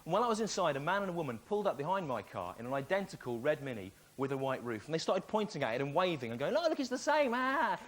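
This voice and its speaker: A man's voice: mid-range voice, animated, very fast, few pauses. A man in a comedy double act talking in a dry, exasperated way.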